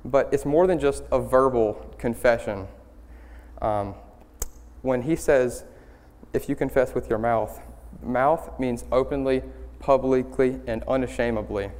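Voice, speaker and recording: A young man giving a student-led sermon, earnest and halting, with many ums and restarts. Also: mid-range voice, darkish tone. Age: young adult. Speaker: student speaker leading worship. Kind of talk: church sermon. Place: church sanctuary. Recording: hall reverb in a church.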